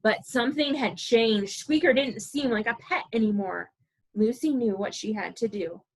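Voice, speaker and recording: Give me an animated woman librarian reading a picture book to little kids, with a somewhat high voice. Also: normal speed, rough recording. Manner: animated, asks children questions, playful voices. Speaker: children's librarian.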